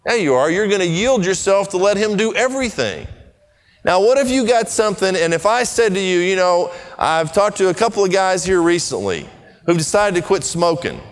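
A man preaching a sermon in an earnest, conversational way, his pitch and pace swinging from line to line. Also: very animated, normal speed, in a large hall. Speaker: pastor.

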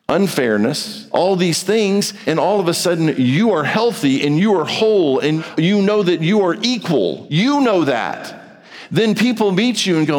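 A man preaching a sermon in a conversational style, acting out imagined exchanges and moving between quiet low stretches and high, urgent peaks. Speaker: pastor. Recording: long hall reverb.

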